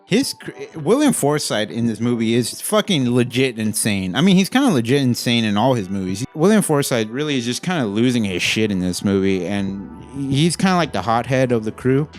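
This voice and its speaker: A man giving a casual, rambling, profane movie review, getting animated as he rants. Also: mid-range voice, moderate pace, hardly any pauses, faint music behind.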